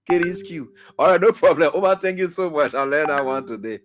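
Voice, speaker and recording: A man's voice: on the high side, brisk, hardly any pauses, no echo. A man with a Liberian English accent hosting a call-in radio show, who laughs often and teases callers. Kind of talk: casual call-in radio talk. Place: radio studio.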